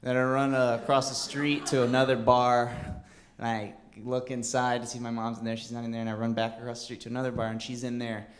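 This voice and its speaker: A man's voice: medium pitch, level tone, fast talker. Rambling male stand-up storyteller. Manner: rambling, self-deprecating, hesitant. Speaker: stand-up comedian. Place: comedy club stage.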